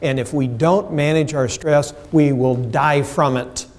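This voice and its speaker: A man's voice: a little high, fairly even intonation, unhurried. Emphatic man lecturing a seminar. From United States. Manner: emphatic, asks the audience questions, acts out quotes. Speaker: seminar presenter. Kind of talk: professional development lecture. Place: seminar room with live audience.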